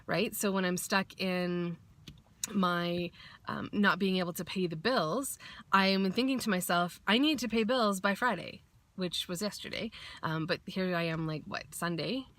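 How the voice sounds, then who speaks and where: A woman's voice: fairly low pitch, measured pace, a bit bright, no room sound. A woman vlogging in a casual motivational way, chatty and blunt, swearing freely and acting out little quotes.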